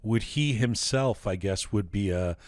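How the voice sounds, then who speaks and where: A man's voice: on the low side, measured pace, no echo. A man hosting a casual interview, asking playful, probing questions and laughing easily. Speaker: interview host.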